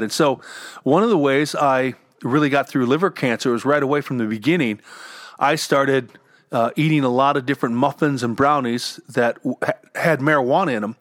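A man's voice: mid-range voice, a bit bright, no room sound, studio quality. A middle-aged man talking candidly at home about getting through illness, earnest and often repeating words as he goes. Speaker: cancer survivor and entrepreneur sharing advice. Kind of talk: candid personal talk. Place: home with dogs.

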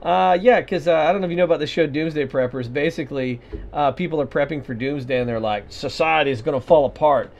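A man's voice: a little high, fast talker, darkish tone. A man co-hosting a podcast, chatting casually with sarcasm, swearing and lots of fillers. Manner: sarcastic, rambling with fillers and mock voices. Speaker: podcast co-host. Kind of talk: casual profane banter. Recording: dull lo-fi podcast audio.

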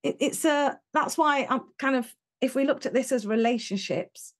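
A British woman talking in an interview, telling stories in an animated, emphatic way and acting out what people said. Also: high-pitched, moderate pace. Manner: animated, emphatic storyteller who acts out quotes. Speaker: interview guest, education speaker. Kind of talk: conversational interview.

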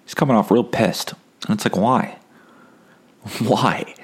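A man's voice: fairly low pitch, takes it slowly, husky. A man hosting a casual solo podcast, rambling and wry, swearing freely. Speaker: podcast host.

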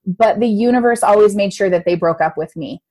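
A woman in her thirties, from the United States, telling her own life story as an interview guest, often acting out her younger self with big swings in voice. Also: brisk. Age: 30s. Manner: animated, acts out her own past voice with big pitch jumps. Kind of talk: casual personal interview storytelling.

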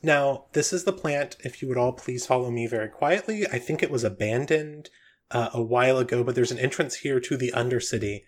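A man voicing Etrata, a calm, brisk female guide who speaks in a matter-of-fact way. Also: mid-range voice, natural voice.

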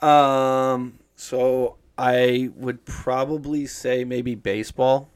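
A man co-hosting a casual chat, profane and animated as he riffs. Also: medium pitch, drawn-out words, clean tone. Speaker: podcast co-host.

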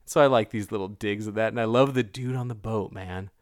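A man in casual podcast chat, telling animated stories about a film. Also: lowish voice, fairly quick, dry recording, studio quality. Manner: animated storyteller, mimics voices in anecdotes.

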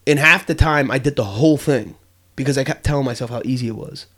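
A man's voice: mid-range voice, fast talker, fairly bright tone. Earnest young man talking on a podcast. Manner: earnest, reflective, many fillers and restarts. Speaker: podcast co-host. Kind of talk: casual podcast conversation.

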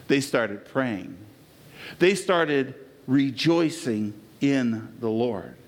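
A middle-aged male pastor preaching a sermon in a fairly high voice that swings widely in pitch. He drives his points home with emphasis, then sinks into hushed, low, personal moments. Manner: emphatic preaching that drops to soft, low, intimate passages.

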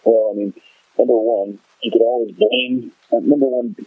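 A man's voice: high-pitched, huge pitch swings, moderate pace, gravelly, breathy edge, no room sound. A man in casual political podcast chat, exasperated and sarcastic, swearing freely. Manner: exasperated, sarcastic, profane, mocking voices. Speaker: podcast co-host. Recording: tinny phone-like line.

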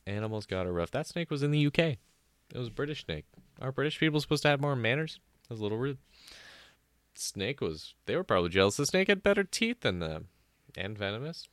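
A man's voice: mid-range voice, very animated, fairly quick, no echo. A man hosting a podcast alone, riffing sarcastically in a casual comedic monologue and acting out bits in put-on voices. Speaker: podcast host.

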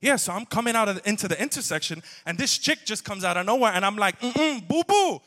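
A woman's voice: medium pitch, animated, quick pace, voice pushed up, lightly acted. A man mimicking a brash, sassy woman complaining about another driver, in a church hall. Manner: sassy, loud. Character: brash streetwise woman telling a driving story.

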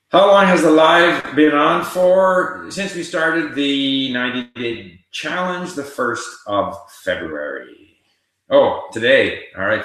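Man, older, lowish voice, livestream Q&A host, reads out questions, very echoey room. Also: pushed and bright. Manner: reads viewer questions aloud and answers conversationally. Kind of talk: casual livestream Q&A.

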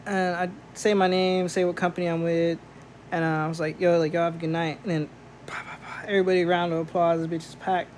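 A man's voice: high voice, flat delivery, quick pace, a little hiss or hum. A man who works as a DJ tells a story in slangy, casual talk, saying "like" a lot.

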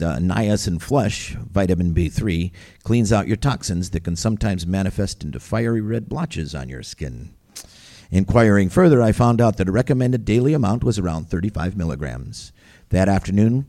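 A man's voice: sits low, warm tone. A man reading his own first-person memoir aloud as a storyteller, vivid, wry and gritty.

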